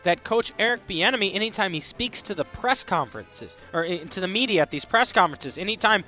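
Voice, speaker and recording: A man's voice: sits high, expressive, a little fast, pushed and bright, soft background music. A man hosting a live sports radio show, upbeat and chatty, reading out phone numbers between talk. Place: radio row at a sports event.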